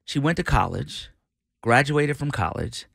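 Bright-voiced man telling a lively story. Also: medium pitch, measured pace, gravelly, slightly rough, dry recording, studio quality. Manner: animated storyteller, acts out voices. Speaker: radio host guest. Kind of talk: storytelling on a radio show. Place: radio studio.

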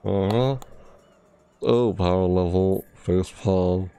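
A man's voice: low voice, steady tone, slow pace, warm tone, smooth, faint music behind. A tired man streaming a video game, mumbling and rambling to himself in casual commentary. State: tired, yawning.

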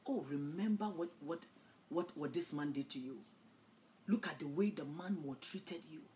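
A woman's voice: sits low, normal speed, mellow, slight background noise, pitched below the performer's own voice, natural voice. A woman preacher voicing a sly, whispering evil spirit that tempts her with old grudges. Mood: insinuating.

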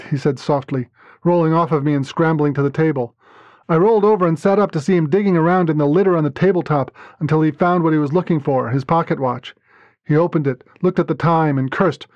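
Man narrating a story, slightly high voice. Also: steady tone, brisk, darkish tone, no echo. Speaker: podcast narrator. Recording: dull lo-fi dry recording.

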